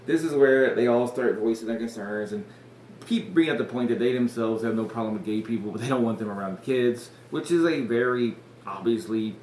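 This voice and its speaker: A man's voice: mid-range voice, a little mellow. A man hosting a podcast, recapping an episode in casual chat, rambling, swearing and laughing often. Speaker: podcast host. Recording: echoey room with faint noise.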